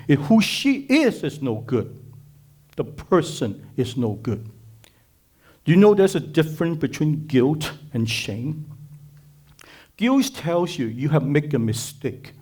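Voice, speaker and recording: A man delivers a sermon in a mellow, warm voice at an ordinary middle pitch. He preaches emphatically, repeating phrases and putting rhetorical questions to his listeners. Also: animated, slow pace, long pauses. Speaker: speaker at a conference.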